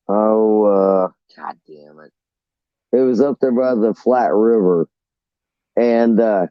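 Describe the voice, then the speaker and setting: A man's voice: on the low side, no echo. A man rambles through a story with plenty of cursing and restarts, taking his time over every sentence. His voice comes through a dull, lo-fi line with no room sound around it. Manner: rambling, profane, restarts often. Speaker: caller. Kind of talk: casual storytelling on a call-in show.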